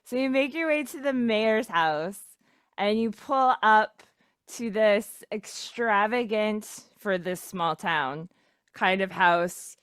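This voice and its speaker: A woman's voice: medium pitch, slow pace, fairly bright tone, smooth, dry recording, clean studio sound. A woman narrating a tabletop game as game master, chatty and often laughing. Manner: giggly, chatty, narrating with lots of fillers.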